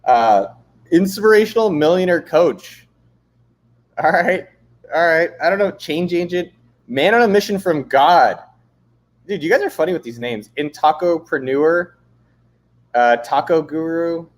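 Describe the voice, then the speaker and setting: A man hosting a live stream, reading comments aloud and chatting casually with frequent swearing and jokes. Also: on the high side. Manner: casual, profane, joking, reads chat aloud. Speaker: livestream host. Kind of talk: casual livestream chat. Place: San Diego, California.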